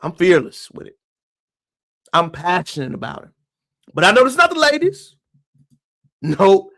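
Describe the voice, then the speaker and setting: A man's voice: high-pitched, wildly swooping pitch, a little slow, gravelly, long pauses, fairly bright tone. A man giving impassioned live-stream commentary, emphatic and preachy, who keeps calling his viewers y'all. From moved to Texas from elsewhere.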